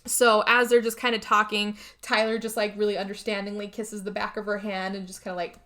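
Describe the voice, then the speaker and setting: A woman's voice: mid-range voice, little pitch movement, a little fast, bright, forceful tone, slight background noise. A woman co-hosting a podcast, casually retelling a film's plot with lots of acted-out lines and some swearing. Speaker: podcast co-host recapping a film. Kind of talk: casual chat.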